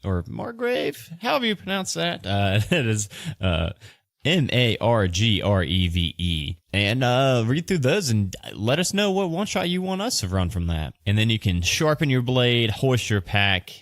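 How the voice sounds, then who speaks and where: A man who is a dungeon master and podcast host, doing a casual sponsor read and game narration in a chatty way full of fillers and quick asides. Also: mid-range voice, very animated, fairly bright tone, dry recording, studio quality.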